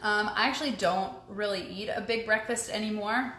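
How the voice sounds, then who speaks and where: A woman's voice: medium pitch, moderate pace, a bit bright. A young adult woman hosting a casual live stream, chatting upbeat with viewers and reading out their questions, full of ums and likes. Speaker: host answering viewer questions. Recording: echoey room with faint ambience.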